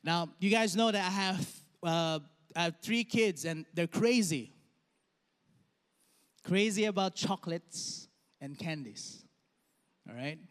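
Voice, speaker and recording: A man in his thirties preaching a sermon, telling stories and letting his phrases trail off softly. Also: high voice, slow pace, long pauses. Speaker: pastor. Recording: long hall reverb.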